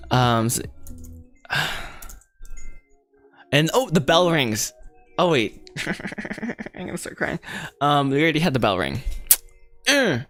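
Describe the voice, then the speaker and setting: A man's voice: medium pitch, fairly bright tone. Rambling young man livestreaming. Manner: rambling, self-deprecating, laughs often. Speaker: livestreaming writer. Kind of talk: casual livestream chat while writing.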